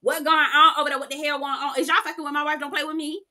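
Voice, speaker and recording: A woman's voice: sits high, level tone, very fast, bright, forceful tone, pitched above the performer's own voice. A woman doing a swearing, furious husband. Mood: riled. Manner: blustering, swearing, scolding. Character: irate protective husband, man, streetwise and blunt.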